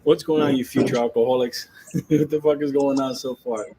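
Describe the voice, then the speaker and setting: A man's voice: mid-range voice, steady tone, moderate pace, dark tone, breathy edge, low-quality recording. A man, ranting about the stock market to his viewers in a brash, profane, joking way, laughing often.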